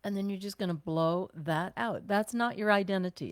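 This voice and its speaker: A woman teaching a guided self-care breathing class, talking gently and conversationally with sighs and slow exhales. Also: medium pitch, no echo.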